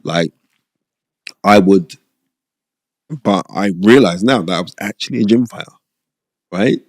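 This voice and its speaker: A middle-aged man, a podcast guest, telling stories in an animated, rambling, streetwise way with a lot of repetition. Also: on the low side, unhurried, dry recording, clean studio sound. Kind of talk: casual storytelling interview. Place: podcast studio.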